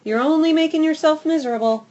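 A woman voicing a gruff, cynical female dog who grumbles and sneers in a storybook reading. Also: high-pitched, fast, a little mellow, highs cut off, voice pushed up, natural voice. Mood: sarcastic. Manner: grumbling, sarcastic.

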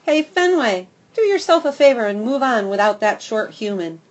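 A woman voicing a gruff, cynical female dog who grumbles and sneers in a storybook reading. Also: fairly high pitch, big pitch swings, moderate pace, pitched above the performer's own voice. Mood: sarcastic. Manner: grumbling, sarcastic.

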